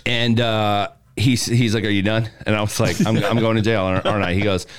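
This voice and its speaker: Smooth-voiced man telling a wild story. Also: fairly low pitch, a little fast. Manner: animated, acts out quotes, laughs while telling. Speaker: podcast guest telling a story. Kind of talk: casual storytelling.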